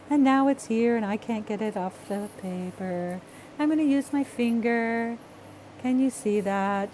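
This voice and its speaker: A woman teaching a hands-on art project in a loose, chatty way, talking to herself and apologizing as she gets excited. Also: fairly high pitch, unhurried, slight background noise. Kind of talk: casual craft tutorial.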